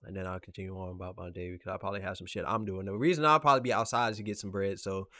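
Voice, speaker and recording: Young guy talking real fast, low voice, excitable, close dry mic. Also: no echo. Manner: fast, excitable, jokey, puts on meek apologetic voice in stories. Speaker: podcast co-host. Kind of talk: casual chat.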